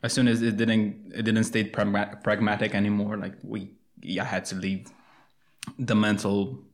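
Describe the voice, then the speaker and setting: A man's voice: on the low side, flat delivery, moderate pace. A man with an Eastern European accent, not a native English speaker, co-hosting a casual podcast, dry and rambling, sometimes searching for words. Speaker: podcast co-host.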